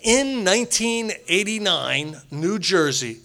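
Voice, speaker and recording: A man shares his recovery story with a group in an animated, storytelling way. He acts out what people said and laughs often. His voice sits high and has a gravelly fry with a bright, sharp edge. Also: takes it slowly. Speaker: speaker at a recovery meeting.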